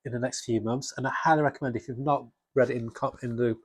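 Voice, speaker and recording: Husky, enthusiastic man, dry sound. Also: mid-range voice, steady tone, quick pace, no room sound. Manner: enthusiastic, rambling with restarts. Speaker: comics vlogger. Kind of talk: casual chat.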